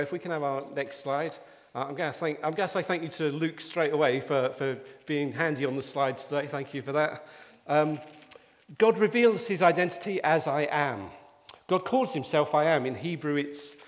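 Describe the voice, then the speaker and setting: A man preaching a sermon, explaining scripture in an emphatic teaching manner. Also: a little high. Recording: long reverb of a church hall.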